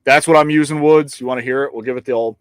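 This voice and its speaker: A man's voice: mid-range voice, fairly even intonation, rapid-fire, smooth, no room sound, studio quality. A man co-hosting a casual podcast chat, boastful and joking, swearing freely and trailing off into fillers. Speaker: co-host.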